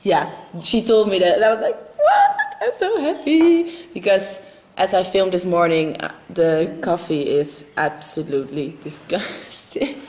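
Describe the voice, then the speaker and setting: A woman's voice: lowish voice, steady tone, moderate pace, a little mellow. A young Dutch woman chatting casually in a vlog, bubbly and giggly, mixing Dutch and English. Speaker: vlogger.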